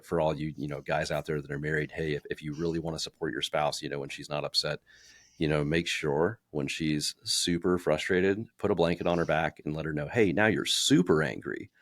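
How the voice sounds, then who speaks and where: Deep voiced guy cohosting a podcast, lots of ums and restarts, dry close sound. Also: level tone, a little fast, dry recording. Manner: chatty, many fillers and restarts, acts out quotes. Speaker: podcast co-host. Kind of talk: casual podcast chat about personal branding.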